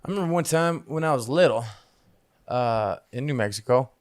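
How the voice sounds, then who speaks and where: A man's voice: mid-range voice, lively intonation, moderate pace, no echo. A man co-hosting a podcast, telling a rambling, profane story in casual chat. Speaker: podcast co-host.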